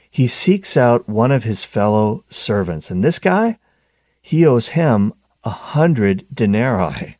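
A man hosting a show, giving a conversational teaching talk on scripture, animated and full of restarts. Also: medium pitch, dry recording, studio quality. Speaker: Catholic teacher and show host.

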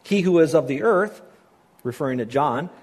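A man preaching a sermon as pastor, talking conversationally with sudden loud emphasis. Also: a little high, animated, normal speed, breathy edge. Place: island church.

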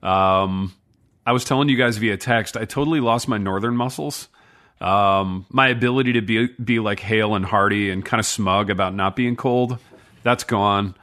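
A man's voice: fairly low pitch, normal speed, fairly bright tone. A middle-aged man co-hosting a podcast, rambling and joking about himself in casual chat. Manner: rambling, self-deprecating, laughs often. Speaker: podcast co-host.

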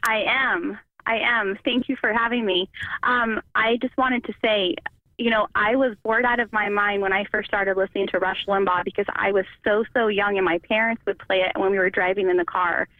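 A woman's voice: medium pitch, fairly even intonation, moderate pace, dry recording. A woman calls in to a radio talk show and sounds polite and eager as she speaks. Her voice comes through a narrow, tinny phone line. The sound is dry. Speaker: caller. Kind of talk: call-in radio chat.

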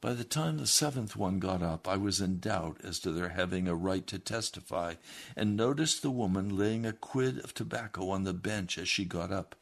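A man's voice: deep voice, normal speed, gravelly. A male preacher telling a first-person story and exhorting his listeners earnestly.

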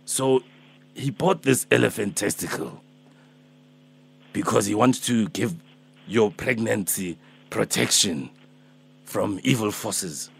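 A man's voice: on the low side, slow pace, creaky, pauses often, slightly rough, full character voice. Alpheus, a man putting on a rambling old man. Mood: pleading, rambling. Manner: rambling, hesitant, calls her Mama and my darling. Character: elderly male debt collector, fussy and pleading. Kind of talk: prank phone call.

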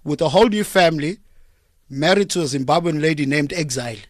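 A South African man, a comedian guest in a radio studio, telling jokes in a deadpan storytelling way. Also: on the high side, fast. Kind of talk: joking radio interview chat. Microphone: studio microphone.

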